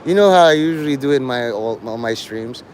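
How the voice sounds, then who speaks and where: Male streamer, taunting teacher manner, lively pitch, faint traffic hum. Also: fairly quick. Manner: lecturing, taunting, mock-teacherly. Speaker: livestreamer. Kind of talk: casual livestream chat.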